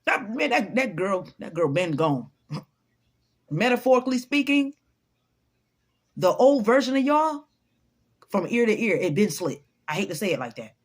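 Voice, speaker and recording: A woman's voice: medium pitch, sing-song, normal speed, pauses often, slightly rough. A woman giving an unscripted motivational talk to her followers, blunt, profane and preachy. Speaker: motivational vlogger.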